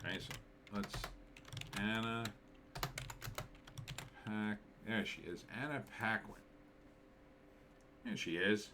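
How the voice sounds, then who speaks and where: A man's voice: fairly low pitch, fairly even intonation, slow, long pauses, background noise. A man talking through a movie trailer in casual commentary, thinking aloud and rambling with many fillers. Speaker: screenwriter reviewing a movie trailer.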